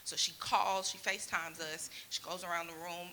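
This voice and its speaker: A woman's voice: medium pitch, normal speed, few pauses, a little hiss or hum, rough recording. A woman doing a brassy, punchy stand-up set on a theater stage. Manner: brassy, punchy, building to loud rants. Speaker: stand-up comic.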